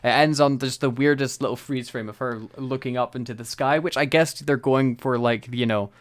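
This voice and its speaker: A man co-hosting a podcast in casual chat, animated, laughing often and acting out quotes. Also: mid-range voice, brisk. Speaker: podcast co-host.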